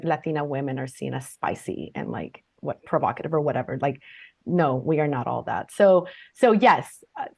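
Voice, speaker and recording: A woman's voice: deep voice, vocal fry, darkish tone, no room sound. A woman moderating a panel, speaking in a direct, cautioning manner as she reads questions and adds her own points. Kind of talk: panel discussion.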